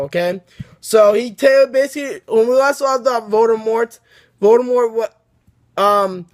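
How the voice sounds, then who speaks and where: A man hosting his own video, rambling casually through a fan story with many restarts. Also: high voice. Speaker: video host.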